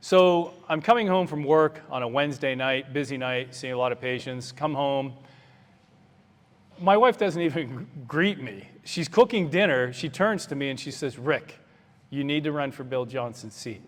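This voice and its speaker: A man's voice: fairly high pitch, lively intonation, moderate pace. A man, a doctor running for office, giving an earnest, plainspoken campaign speech to a crowd in a meeting hall. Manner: earnest, plainspoken, fiery at times. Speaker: doctor and political candidate. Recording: long hall reverb.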